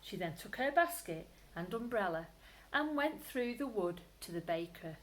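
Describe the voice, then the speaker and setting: A woman, a primary school teacher, reading a bedtime story aloud to children, expressive, with whispered asides. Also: medium pitch, normal speed, poor audio.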